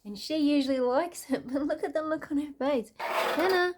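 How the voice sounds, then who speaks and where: A woman's voice: high voice, moderate pace, noisy background. An Australian woman in her home kitchen, filming her cats on a phone and chatting to them in giggly, sing-song baby talk with swearing asides. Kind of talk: casual chat and baby talk to pets.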